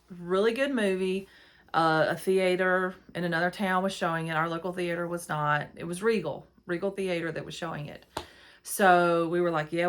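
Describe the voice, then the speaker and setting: Chatty woman telling a story. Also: on the low side. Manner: chatty, rambling, exasperated. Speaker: podcast host. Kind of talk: casual storytelling monologue. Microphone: phone.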